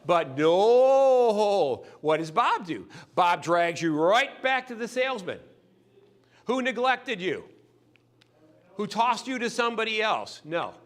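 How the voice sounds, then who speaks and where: A man giving a sales training talk, animated and acting out customers' lines in quick voices. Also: high-pitched.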